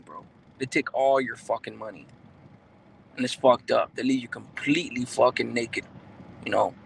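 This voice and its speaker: A man's voice: mid-range voice, creaky, fairly bright tone, breathy edge, poor audio. A man chats easily on a livestream, loose and talkative. He drops street slang and curses freely, reading viewer comments and talking straight to his audience. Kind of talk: casual livestream chat.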